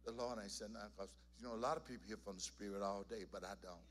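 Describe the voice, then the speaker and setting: A man's voice: on the low side, fairly even intonation, very fast, a bit bright, a little hiss or hum. A church singer telling his testimony to the congregation in a folksy storytelling manner. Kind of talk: spoken testimony in a worship service. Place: church sanctuary.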